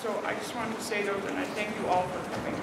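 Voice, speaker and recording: A woman's voice: mid-range voice, flat delivery, fast. A woman from Alberta, a First Nation leader, giving an emphatic, indignant speech at an outdoor rally in cold weather. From Alberta, Canada. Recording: echoey, distant, noisy outdoor crowd ambience.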